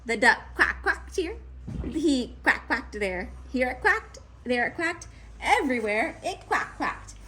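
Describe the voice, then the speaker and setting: A woman reading a children's picture book aloud, with playful, expressive narration. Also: sits high, unhurried, slight background noise. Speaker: storybook reader.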